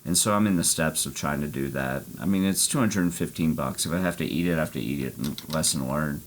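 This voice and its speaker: A man's voice: rumbling low, fairly quick, a little hiss or hum. A man streaming an arcade golf game, telling a rambling story and swearing freely. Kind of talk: casual chat.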